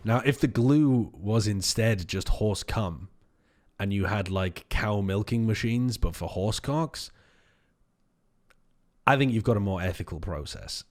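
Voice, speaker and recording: Deep-voiced man rambling on stream. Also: measured pace. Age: 30s. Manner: rambling, deadpan jokey tangents. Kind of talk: casual stream chat.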